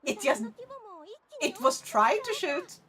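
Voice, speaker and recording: Giggly Swedish woman streamer, lively voice. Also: very high voice, slow pace, a crowd in the background. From Sweden. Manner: giggly, chatty, laughs often. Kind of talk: casual live-stream chat, reading viewer comments aloud.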